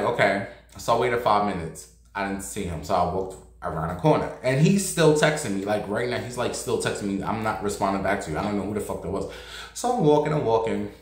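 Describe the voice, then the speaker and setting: A man's voice: on the low side, reverberant. A man vlogging, telling a night-out story in a brash, profane, gossipy way. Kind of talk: casual storytelling.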